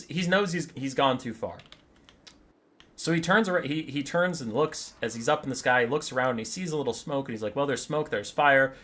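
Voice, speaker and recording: A man casting a strategy game battle, telling the story in an animated, jokey way with quick asides. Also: mid-range voice. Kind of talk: casual game commentary and storytelling.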